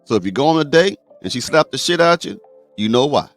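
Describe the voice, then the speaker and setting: A man's voice: medium pitch, a little fast, faint music behind. A man hosting a show, reacting crudely to clips and retelling them. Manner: crude, animated storytelling. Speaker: host.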